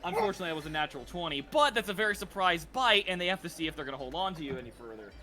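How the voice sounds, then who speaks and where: A man running a tabletop game as dungeon master, narrating excitedly, swearing freely and shouting out the lines of guards. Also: fairly high pitch, very fast, over music.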